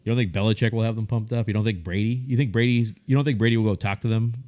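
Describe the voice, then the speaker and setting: A man's voice: fairly low pitch, steady tone, very fast, highs cut off. A man co-hosting a casual sports podcast, firing off joking questions and teasing his co-host.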